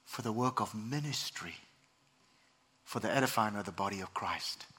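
A man pastor preaching a sermon, animated, sometimes mimicking other voices. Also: fairly low pitch, moderate pace, slightly rough.

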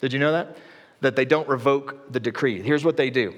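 A man preaching a sermon in a church, with a middle-pitched voice and casual, lively storytelling. A long reverb from the hall trails each phrase. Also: a little fast. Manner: conversational, animated storytelling. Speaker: pastor.

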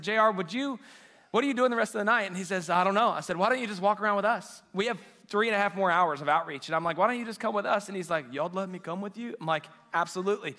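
A man's voice: high-pitched, bright, forceful tone, big-room sound. A man preaching a sermon, telling a story emotionally and acting out the dialogue. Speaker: pastor. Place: church auditorium.

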